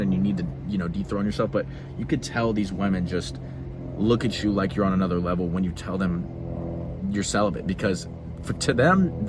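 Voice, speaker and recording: A man's voice: fairly low pitch, a little hiss or hum. A young man vlogging in an earnest talking-head monologue, emphatic and repeating himself for stress. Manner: emphatic, repeats phrases, quick laughs.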